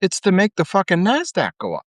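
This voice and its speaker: Ranting man with a higher voice. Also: huge pitch swings, brisk, a bit bright, no room sound. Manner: ranting, profane, full of fillers. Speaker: podcast host. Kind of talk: casual monologue.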